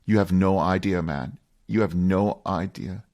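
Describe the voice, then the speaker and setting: A man's voice: low-pitched, measured pace, a little mellow. Easygoing man hosting an interview. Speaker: talk show host. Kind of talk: casual interview chat.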